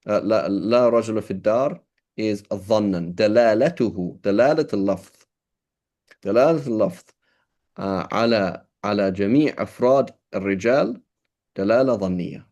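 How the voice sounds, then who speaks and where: A man gives a classroom lecture in a loose, conversational way. He often trips into restarts and keeps checking with "right?", dropping Arabic terms into his English. His voice sits a little low. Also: rapid-fire, a little mellow, dull audio. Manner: switches between English and quoted Arabic terms. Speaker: teacher.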